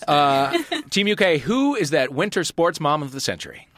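A man's voice: fairly high pitch, normal speed, no echo. A man hosting a comedic quiz podcast with wry, joking banter. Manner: wry, joking, lively delivery. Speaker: quiz host.

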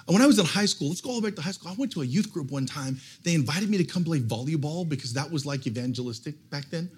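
A middle-aged male pastor preaches to a church service, spinning a personal story with self-deprecating jokes and excited restarts. His voice sits high for a man and has a husky, slightly raspy edge. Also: fast talker. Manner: animated, self-mocking, restarts when excited. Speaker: guest pastor. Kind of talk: humorous sermon storytelling.

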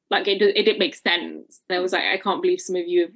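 A woman's voice: lowish voice, quick pace. A woman, telling her own story as an interview guest and acting out what others said to her. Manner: acts out quoted people in lively voices. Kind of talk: personal storytelling in conversation.

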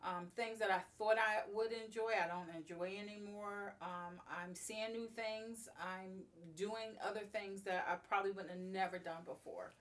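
A woman's voice: mid-range voice, steady tone, moderate pace, hardly any pauses, fairly bright tone, far from the mic. A woman guest talking casually in an interview, emphatic and fond of repeating key phrases. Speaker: guest, beauty bar co-owner.

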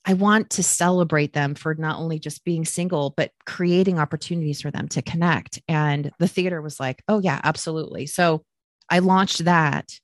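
A woman's voice: moderate pace, no room sound, clean studio sound. A woman working as a matchmaker, telling her story in a casual podcast chat and acting out the quotes she tells. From Midwest United States. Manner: animated storyteller, acts out quotes with raised pitch. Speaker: matchmaker and guest.

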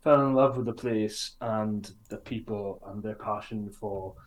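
A man's voice: on the low side, unhurried. A man chatting on a sports podcast, upbeat and teasing. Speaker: podcast co-host. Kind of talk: casual chat.

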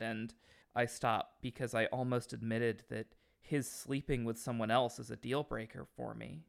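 Guy reading a romance novel out loud on a comedy podcast, hammy and mock-serious, bright voice. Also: medium pitch, unhurried, vocal fry, smooth. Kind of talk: comic dramatic reading and banter.

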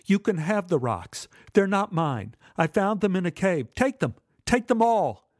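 A man's voice: high voice, sing-song, measured pace, no echo, clean studio sound, pitched above the performer's own voice. A man voicing his younger self as a boy, insistent and pleading for his rocks back. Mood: placating.

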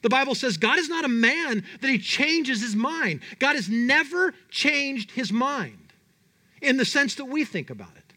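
Animated, bright-voiced male preacher. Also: very high voice, a little slow. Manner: animated, dramatic, voices God and Jonah in quotes. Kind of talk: sermon.

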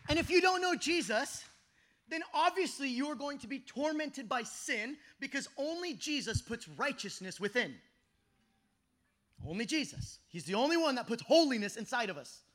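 High bright preacher guy at a youth camp, goes from yelling to almost whispering, lots of storytelling. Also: normal speed. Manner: animated storytelling, shifts from shouting to hushed. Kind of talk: energetic youth sermon. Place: outdoor camp meeting.

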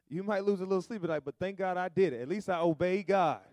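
A man delivers a sermon, his pitch sitting a little high. He calls on the congregation and stretches key words out loud before dropping to quiet asides. The sound is dry and close, with no room echo. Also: brisk. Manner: call-and-response preaching, swings from soft to shouted. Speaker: preacher.

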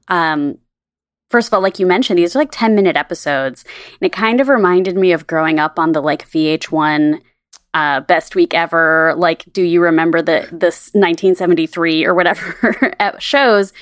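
A woman's voice: fairly low pitch, normal speed, no echo, studio quality. A woman hosting a podcast, chatting casually with lots of fillers. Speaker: podcast host.

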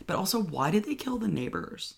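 Casual horror movie recap, excitable, lots of fillers, vocal fry, mid pitch. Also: a little fast. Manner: excitable, heavy use of "like", swears.

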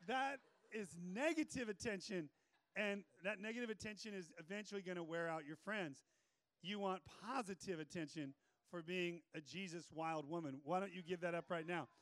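A male pastor preaching a sermon in an energetic, joking way with playful asides. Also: high voice, moderate pace, no room sound.

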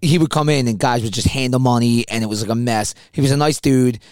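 A man's voice: medium pitch, fast, a little mellow, clean tone. A middle-aged man telling bar stories on a podcast in a casual, rambling way, often laughing mid-sentence. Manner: laughs through his own stories, rambling restarts. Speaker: podcast co-host. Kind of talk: casual storytelling chat.

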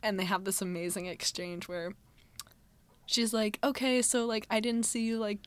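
A young woman co-hosts a casual podcast. She talks at an easy, middling pitch and retells TV scenes with frequent laughs and "like" fillers. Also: little pitch movement, normal speed, clear, resonant tone, dry recording. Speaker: podcast co-host. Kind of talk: casual chat recapping a TV show.

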